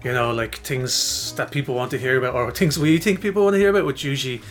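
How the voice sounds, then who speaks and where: Over background music, a man with a mid-range voice talks fast as he co-hosts a podcast. He's animated and pokes fun at himself in a casual story, acting out what the other characters said.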